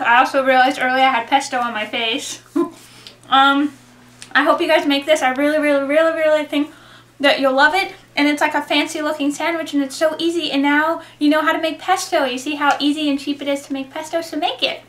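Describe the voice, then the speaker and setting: A woman's voice: sits high, fairly even intonation, fairly quick, a bit bright. A young woman hosting a home cooking video in her kitchen, chatting casually and giggling as she talks viewers through a recipe. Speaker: cooking show host.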